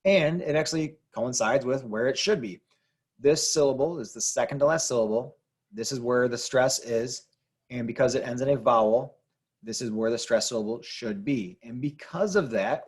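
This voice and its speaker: A man's voice: medium pitch, slightly rough. A man teaching a Spanish grammar lesson, explaining patiently and repeating key rules, with the occasional "um". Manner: patient, repetitive explaining with fillers. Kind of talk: classroom-style grammar lesson.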